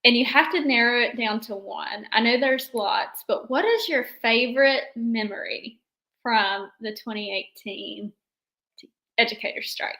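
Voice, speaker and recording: A woman's voice: on the high side, a little slow, bright, forceful tone, rough recording. A woman hosting and moderating a roundtable discussion over a video call, upbeat and chatty, with fillers. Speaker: host.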